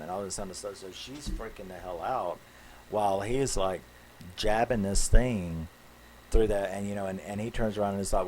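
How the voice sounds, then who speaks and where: A man's voice: on the low side, moderate pace, a little mellow, a little hiss or hum, rough recording. A man retelling a film plot in a loose, rambling way, full of fillers and swearing. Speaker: movie reviewer. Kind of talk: casual spoken film recap.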